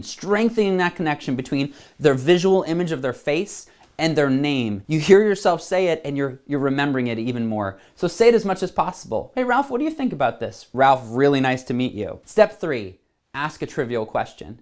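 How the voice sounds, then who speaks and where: A man hosting a self-help video, talking energetically and acting out little scenes. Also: a little high. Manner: animated, acts out little scenes. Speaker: host.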